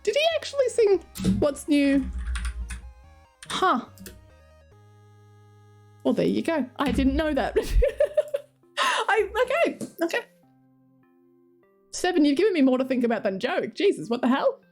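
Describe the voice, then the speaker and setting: A woman's voice: high voice, very animated, a little slow, long pauses, soft background music. A woman streamer chatting casually and giggling as she reads chat and talks to her cats.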